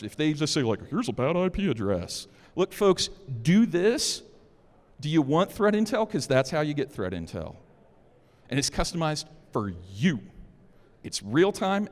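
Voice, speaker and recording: Man, conference speaker, lively swinging pitch, joking and informal, long hall reverb. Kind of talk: security conference talk.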